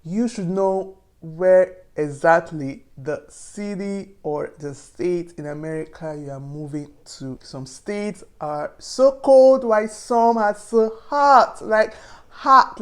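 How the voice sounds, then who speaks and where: A woman's voice: mid-range voice, takes it slowly. A young woman from Nigeria with a Nigerian accent, giving earnest, chatty advice to her viewers in a casual vlog. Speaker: vlogger.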